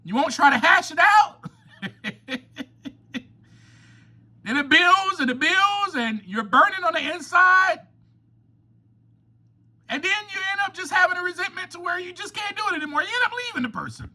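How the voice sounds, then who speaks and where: A man hosting a recovery podcast, delivering an impassioned, preachy monologue that rises to near-shouts. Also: very high voice, expressive, moderate pace, long pauses. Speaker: podcast host.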